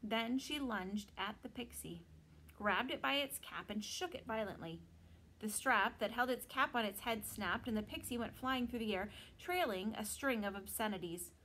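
A woman teacher reading a novel aloud to students in an expressive storytelling manner. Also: a little high, normal speed, a little hiss or hum, poor audio.

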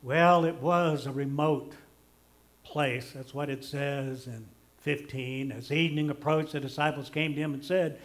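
An older man preaching a conversational sermon, homey and self-deprecating, swinging between emphatic lines and hushed ones. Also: fairly high pitch, fairly even intonation, unhurried. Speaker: pastor.

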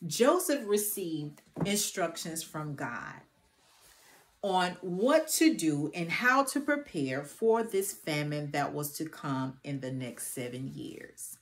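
In a deep, lively voice at a slow pace, this woman hosts a Christian finance channel and speaks to viewers like old friends. Folksy and preacherly, she reads scripture aloud and prays earnestly, offering casual faith-based teaching.

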